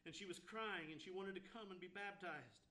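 A man's voice: high voice, brisk, pushed and bright. A man preaching a sermon, telling a story and building to fervent exclamations.

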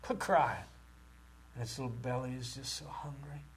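A man preaching a sermon with great passion, rising to loud cries and dropping to near-whispers. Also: mid-range voice, flat delivery, a little fast, a little hiss or hum. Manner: impassioned, swings from shouting to near-whispers.

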